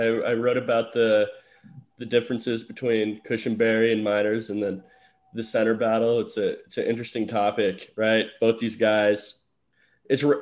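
Relaxed analytical male sports guest. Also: fairly low pitch. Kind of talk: casual sports podcast chat.

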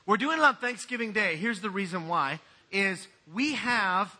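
A man's voice: high-pitched, expressive, normal speed, bright, forceful tone. A man pastor giving a sermon in a conversational, joking way.

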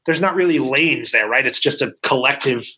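A man co-hosts a weekly podcast and argues his side in casual chat. His voice is bright and forceful, and he presses his points with steady emphasis. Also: medium pitch, normal speed, poor audio. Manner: emphatic, argumentative, keeps asking "right?". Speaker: podcast co-host.

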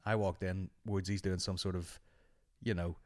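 Lower-voiced man telling sweary stories. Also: normal speed. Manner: animated, sweary anecdote-telling. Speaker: podcast host. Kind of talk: casual storytelling monologue.

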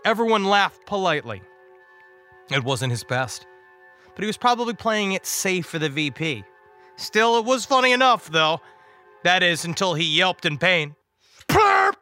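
A man as guest preacher, reading a dark comic story in a wry, dramatic way. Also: high-pitched, expressive, moderate pace. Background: music.

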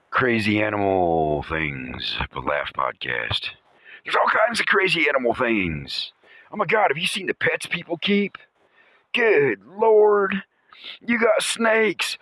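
A middle-aged man hosting a podcast, telling a crude rambling comic story with chuckles, dropping to low mutters and jumping to high exclamations. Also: wildly swooping pitch, slow pace, fairly bright tone, no echo, rough recording. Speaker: podcast host.

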